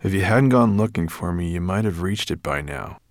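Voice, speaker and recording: A man voicing an earnest, apologetic young boy who speaks softly with sighs. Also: deep voice, lively intonation, moderate pace, dry recording, studio quality.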